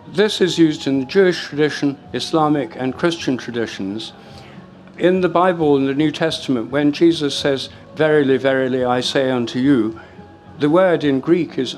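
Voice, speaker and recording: An older man lectures to a live audience in a hall, his pitch in an ordinary middle register. He explains things in a measured way, stopping for fillers and restarting his phrases. A faint hum of the room sits behind him. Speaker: speaker giving a talk.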